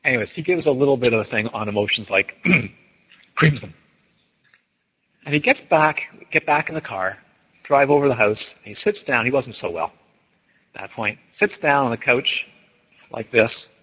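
Man teaching an audience, lively storyteller, husky voice, long hall reverb, dull sound. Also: mid-range voice, normal speed, pauses often. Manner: animated, acts out quoted voices. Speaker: dharma teacher.

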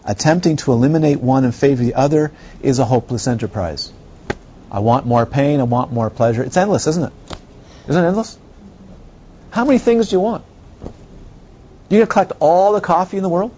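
This Buddhist teacher's voice runs on the high side, a little fast and breathy, with frequent pauses. Giving a dharma talk to students, he's animated, asking many rhetorical questions and acting out how people react. The sound is lo-fi.

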